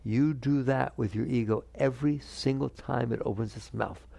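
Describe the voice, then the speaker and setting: A man giving a spiritual talk to an audience. He is animated, keeps asking his listeners questions, and acts out the inner voices he quotes. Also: medium pitch, moderate pace, vocal fry, no echo. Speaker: spiritual teacher.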